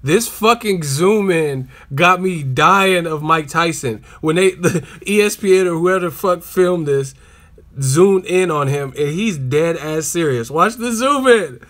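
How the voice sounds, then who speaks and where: A man's voice: a little high, measured pace, a bit bright. A man hosting a live stream, reacting to clips with profanity and laughter. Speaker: boxing channel host. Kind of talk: casual live-stream commentary.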